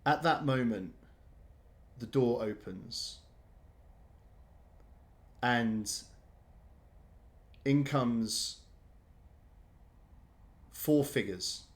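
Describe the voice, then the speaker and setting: A male game master narrating a tabletop game at a slow, unhurried pace. He feels his way through descriptions with frequent ums and restarts. His voice sits at a mid pitch. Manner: hesitant, full of ums and restarts.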